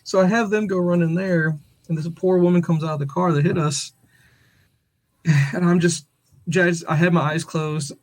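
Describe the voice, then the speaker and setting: Slightly high-voiced man telling a rambling story. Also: normal speed. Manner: animated, rambling, laughs through the story. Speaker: podcast host; father. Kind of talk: casual storytelling chat.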